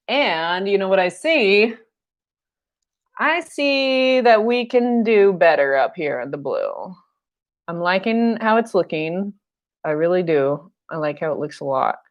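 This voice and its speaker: Young woman, paint-night instructor on a live stream, slow and chatty, low-ish voice, jokes and laughs a lot. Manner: chatty and jokey, laughs often.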